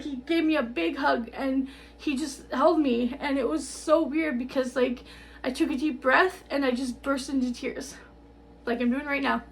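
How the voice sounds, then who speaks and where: A middle-aged woman talking straight to camera in a tearful, rambling personal update, halting and repeating herself. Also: high-pitched, fairly even intonation, creaky. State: tearful, on the verge of crying. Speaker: vlogger.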